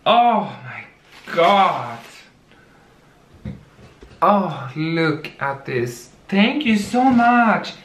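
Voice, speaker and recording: Gushing over plant gifts she's unboxing for a casual vlog, this woman talks in a low-pitched, very animated voice, exclaiming slowly and stretching out her words. Echo and noticeable background noise fill the recording.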